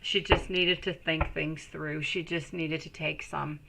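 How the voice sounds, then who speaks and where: A woman's voice: sits low, level tone, a little slow, vocal fry, very noisy. A woman giving live tarot readings to viewers, reassuring and calling them sweetie. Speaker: tarot reader.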